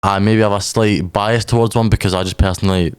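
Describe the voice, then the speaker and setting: A man's voice: lowish voice, fairly even intonation, fast, clear, resonant tone, dry recording. A man hosting a casual podcast interview, chatty, often saying "mad". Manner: chatty, says "mad" a lot. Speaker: podcast host.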